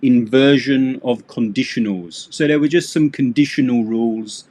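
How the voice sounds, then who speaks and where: A man's voice: medium pitch, normal speed, a little mellow. A middle-aged man teaching a casual live English lesson, joking and sarcastic.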